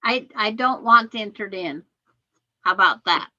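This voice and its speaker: A woman's voice: medium pitch, unhurried, sharp tone, highs cut off. A woman who is a guest teacher on a quilting video call, chatting casually with blunt, playful quips. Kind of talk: casual chat.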